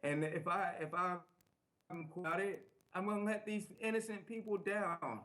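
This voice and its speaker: Male guest, slightly high pitch, earnest, repeats phrases for emphasis, interview. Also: normal speed, fairly bright tone. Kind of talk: interview talk. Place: small TV studio.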